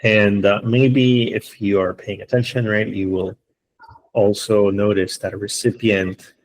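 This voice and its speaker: A man's voice: lowish voice, flat delivery, a little slow, poor audio. A man teaching an online English class, explaining patiently step by step and often checking in with his students. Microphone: computer mic on a video call.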